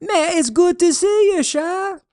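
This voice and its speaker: A man's voice: very high voice, measured pace, a little mellow, voice pushed up. A man voicing a simple Cajun man hollering back from a rice field in folksy dialect.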